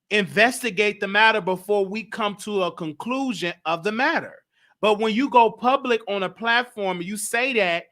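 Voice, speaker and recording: High, bright-voiced male show host. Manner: rambling, self-correcting, reads viewer comments aloud. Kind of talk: casual commentary on an old broadcast.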